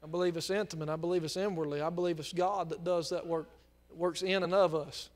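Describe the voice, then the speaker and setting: A male preacher with a fairly high voice delivers a sermon. He drops low and quiet to tell a story, then builds into loud, fervent exhortation. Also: steady tone, quick pace. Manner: impassioned preaching that swells from quiet storytelling into near-shouting. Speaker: pastor.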